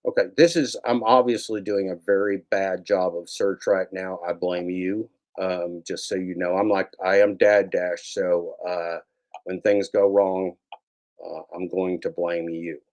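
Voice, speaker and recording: Male YouTuber, lowish voice, sarcastic, rambling, doubles back on his own lines while sharing his screen. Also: fairly even intonation, a little slow, darkish tone. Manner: sarcastic, repeats phrases, mock-scolding asides. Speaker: YouTube broadcaster. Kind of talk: rambling screen-share commentary.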